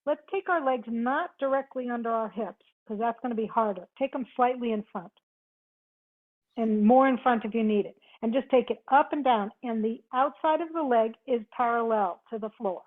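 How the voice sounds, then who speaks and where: Yoga teacher lady on a thin video call, kinda high voice, counting reps, short cues. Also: normal speed. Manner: chatty asides to students. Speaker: yoga instructor. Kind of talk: cueing a live online class. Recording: tinny video-call audio.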